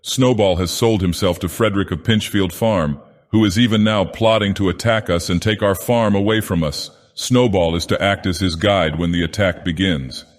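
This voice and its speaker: A man's voice: low-pitched, moderate pace, few pauses, natural voice. A man voicing a nervous, persuasive male pig propagandist in an audiobook, speaking with agitated insistence. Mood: urgent. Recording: long hall reverb.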